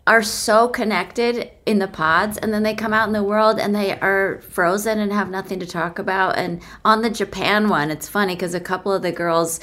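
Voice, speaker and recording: A woman's voice: medium pitch, steady tone, moderate pace, few pauses, a bit bright. Woman guest on a podcast, laid back, middle voice, sharing opinions. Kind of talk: casual chat.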